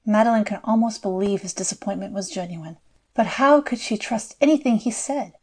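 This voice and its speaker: A woman reads a fantasy audiobook in a measured storytelling voice. Her pitch sits in a middle range, and her delivery is even and controlled. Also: breathy edge. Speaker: audiobook narrator. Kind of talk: scripted narration.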